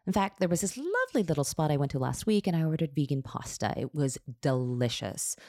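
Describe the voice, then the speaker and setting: A woman's voice: deep voice, sing-song, fairly quick, mellow, no echo, clean studio sound. A woman voicing an eager, chatty male hairstylist with a British accent, asking effusive questions.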